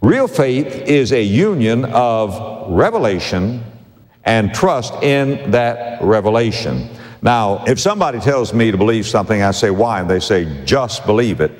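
A man preaching a sermon, repeating key phrases with slow emphasis. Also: on the low side, lively intonation, a little mellow, big-room sound. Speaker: pastor.

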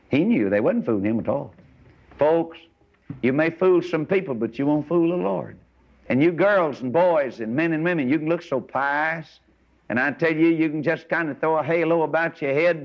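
A man preaching a folksy, animated sermon, telling stories and rising to high exclamations. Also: normal speed. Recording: dull lo-fi sermon recording.

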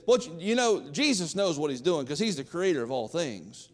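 A man's voice: a little high, lively intonation, normal speed, big-room sound. A man preaching a sermon, folksy and emphatic, with asides to the congregation. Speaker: pastor.

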